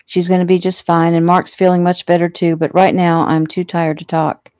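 A woman reading the lines of a kind, tired middle-aged father in a storybook, with a gentle, teasing manner. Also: on the low side, flat delivery, moderate pace, dry recording, studio quality, lightly acted.

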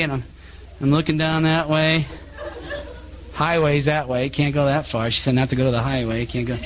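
A middle-aged man delivers an animated sermon in a meeting hall, telling stories and acting out the voices of the people in them. His voice sits high for a man, and a faint background hiss runs under the recording. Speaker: speaker giving a public talk. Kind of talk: sermon with anecdotes.

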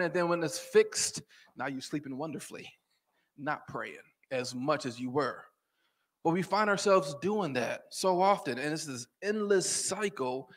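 A young adult man preaching a sermon in a conversational, humorous way, swinging between loud declarations and hushed asides. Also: fairly high pitch.

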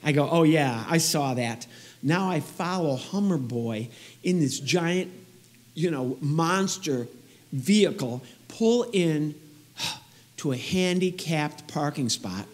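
A man performs a stand-up comedy routine on stage. His voice sits a little high for a man. He tells his stories in an animated way, slipping into the voices of the people he describes. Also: slow pace. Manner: animated storytelling, acts out other people.

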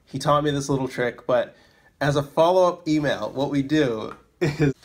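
A man's voice: a little high, moderate pace. A man chatting casually in a vlog, rambling and laughing often as he mocks himself. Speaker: vlogger, small business owner. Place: out walking in town, then indoors.

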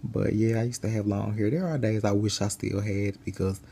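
A tired young man talking casually to his camera while lying in bed, rambling in a relaxed way. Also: fairly low pitch, brisk, gravelly, breathy edge. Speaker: vlogger. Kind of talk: casual chat.

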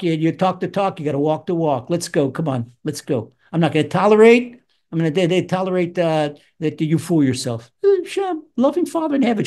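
A man teaching Psalms as a rabbi, animated, acting out voices with wide swings in pitch. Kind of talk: Torah lesson.

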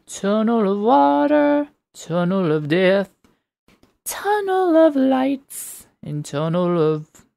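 Slow-talking woman gamer, teasing. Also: mid-range voice, vocal fry, a little mellow, clear, resonant tone, dry recording. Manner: chatty, teasing the enemies. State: slightly hoarse. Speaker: gamer playing a shooter. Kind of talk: casual let's play commentary.

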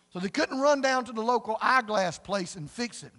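A middle-aged man, preaching a sermon in a folksy storytelling way that swells to loud emphatic preaching. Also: extremely high pitch, moderate pace. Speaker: pastor. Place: church sanctuary. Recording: long church reverb.

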